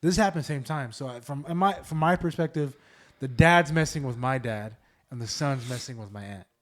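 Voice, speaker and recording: Rambling casually and using plenty of fillers, a man hosting a podcast shares ghost stories from his family. He speaks at a moderate pace in a mid-range voice.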